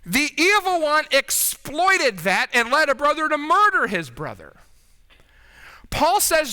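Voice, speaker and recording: A man's voice: extremely high pitch, wildly swooping pitch, slow, pushed and bright, in a large hall. A man preaching a sermon in a conversational way, often checking in with his listeners. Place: church sanctuary.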